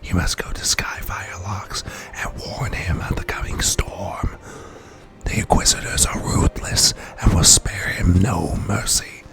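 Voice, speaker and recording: A man's voice: deep voice, a little slow. A man voicing a secretive, loyal male servant from a fantasy game in whispered role-play, urgent and conspiratorial.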